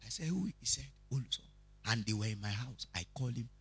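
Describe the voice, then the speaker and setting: Animated Nigerian preacher, husky voice. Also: male voice, mid-range voice, quick pace. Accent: Nigerian, Yoruba-speaking. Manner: preachy, asks the audience questions, animated storytelling. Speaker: Bible study teacher. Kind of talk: teaching sermon.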